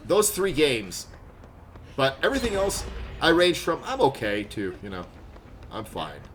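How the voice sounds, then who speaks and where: A man from Canada, chatting excitably on a live gaming stream, laughing often and loudly greeting viewers. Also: mid-range voice, measured pace, slight background noise.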